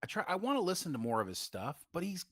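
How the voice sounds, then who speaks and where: Joking man with a lively voice. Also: high voice, no room sound. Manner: joking banter, quick laughs. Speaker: podcast co-host. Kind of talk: casual livestream chat.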